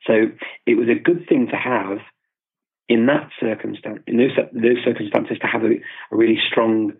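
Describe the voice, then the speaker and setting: The guest, a polyglot from Britain, has a husky mid-range voice and talks at a moderate pace in a steady tone. In a conversational interview he explains his opinions with care and often restarts sentences. The audio sounds like a remote phone call.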